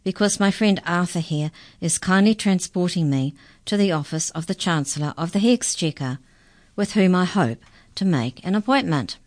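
A woman's voice: fairly low pitch, moderate pace, pitched above the performer's own voice, lightly acted. Woman doing a polite storybook mouse. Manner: calm, courteous, explaining. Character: polite helpful talking mouse.

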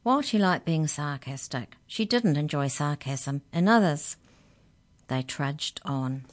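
A woman narrating a children's story aloud in an expressive, gently dramatic way. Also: deep voice, measured pace.

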